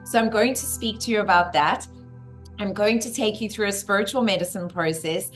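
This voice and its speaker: A woman's voice: medium pitch, brisk, soft background music. A woman hosting a spiritual live stream, effusive and greeting her viewers one by one by name.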